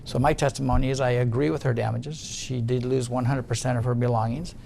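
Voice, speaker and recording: A man's voice: mid-range voice, level tone, brisk, vocal fry, dark tone, a little hiss or hum. A middle-aged man giving deposition testimony, guarded and insistent, often restarting his sentences. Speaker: witness in a legal deposition.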